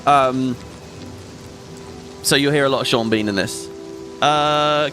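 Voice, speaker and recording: A man hosting a let's play talks in a lively, swooping voice pitched a little high, rambling as he thinks out loud and laughs often. Faint music plays under his casual commentary. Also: moderate pace, long pauses.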